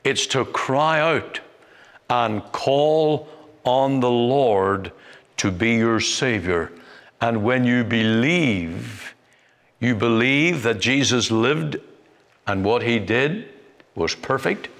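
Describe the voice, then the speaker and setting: A man preaching a sermon in a measured, deliberate way, rising to emphatic peaks. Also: mid-range voice, expressive, a bit bright. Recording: long reverb, like a church hall.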